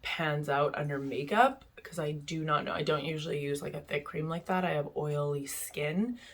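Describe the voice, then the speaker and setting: Low-voiced chatty woman reviewing beauty products. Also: normal speed, fairly bright tone. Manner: chatty, candid, frequent fillers. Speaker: beauty vlogger. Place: home in Vancouver.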